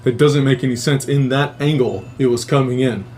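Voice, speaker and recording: A man hosting a live show, telling a dream story in a profane, rambling, animated way. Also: mid-range voice, normal speed, a little hiss or hum. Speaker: host. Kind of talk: casual storytelling.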